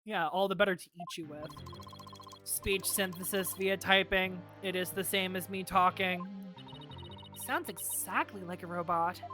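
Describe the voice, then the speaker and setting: A woman streamer giving animated, sarcastic commentary on a game and laughing often. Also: lowish voice, unhurried, soft background music.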